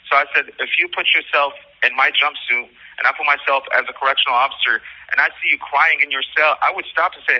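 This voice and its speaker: A man's voice: a little high, fast talker, breathy edge. A man speaking from jail over a phone call, agitated and rambling, swearing as he tells his account. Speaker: jail inmate on a recorded call. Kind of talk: emotional personal account.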